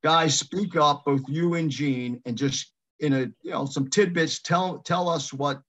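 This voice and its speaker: A man coaching a group over a call, his voice sitting a bit high. He talks emphatically and circles back over the same phrases to drive them home. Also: a little slow, fairly bright tone. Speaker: real estate coach leading a mastermind call. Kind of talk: motivational coaching talk.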